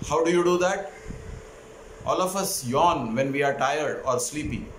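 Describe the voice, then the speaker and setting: A man teaching a breathing technique, explaining each step calmly before demonstrating it. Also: fairly high pitch, unhurried. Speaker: breathing instructor. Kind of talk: instructional demonstration. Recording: echoey room, faint noise.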